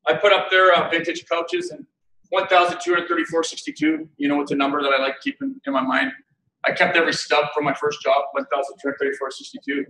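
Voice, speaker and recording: A man giving a keynote talk, telling funny stories about himself with animated delivery and frequent laughter. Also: on the high side, fast talker, slight background noise. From Canada. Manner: animated, self-mocking, laughs often. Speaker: keynote speaker. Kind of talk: humorous storytelling keynote. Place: conference hall. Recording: echoey hall, mic at a distance.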